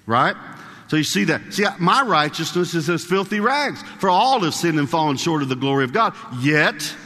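A man preaching a sermon in a conversational way, asking the congregation questions and reading scripture aloud slowly. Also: fairly high pitch, lively intonation, bright, forceful tone, big-room sound.

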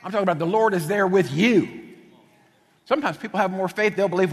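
A middle-aged man from New Jersey preaching a sermon, telling stories with lively, casual asides. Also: sits high, fast, long reverb tail. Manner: animated storytelling with casual asides.

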